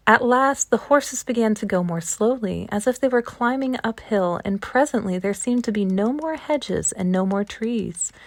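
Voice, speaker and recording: A woman reads a classic storybook aloud in a calm, steady audiobook manner. Her voice sits at a middle pitch. The recording is dry and close, with no room sound. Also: gravelly, no echo. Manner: steady, even-paced reading. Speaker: storybook reader.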